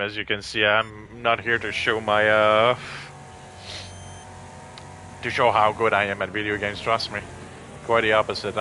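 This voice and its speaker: A man's voice: fairly low pitch, sharp tone, slight background noise. A man streaming a racing game, chatting casually, rambling and swearing freely. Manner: laid-back, rambling, swears freely, emotional when thanked. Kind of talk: casual live-stream chat while gaming.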